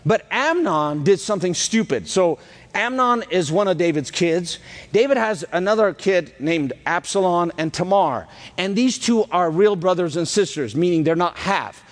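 High-voiced pastor preaching in echoing hall. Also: male voice, normal speed. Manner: lively storytelling in casual speech. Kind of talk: sermon.

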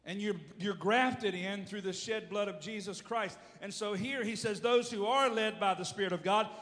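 A man preaching a sermon as pastor, swinging from low asides to shouted calls and urging the congregation to answer. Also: moderate pace. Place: church hall. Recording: reverberant hall.

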